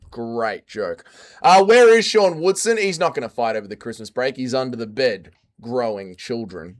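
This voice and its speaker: A young Australian man streams live, chatting casually and reading viewer comments aloud. As a streamer reading chat, he jumps between loud quips and low mutters.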